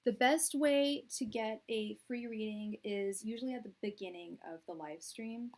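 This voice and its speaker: A woman hosting a tarot live stream from a room at her parents' house, chatting in a soft, soothing voice with many fillers and restarts. Her audio comes through quiet and low. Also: normal speed, poor audio. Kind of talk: casual live-stream chat. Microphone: quiet, low-level live-stream audio.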